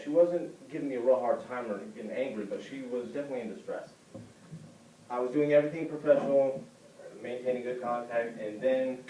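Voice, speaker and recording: Man giving a classroom speech, heard from afar. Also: warm tone. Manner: conversational, acts out quoted people with big pitch jumps. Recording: roomy classroom heard from a distant camera.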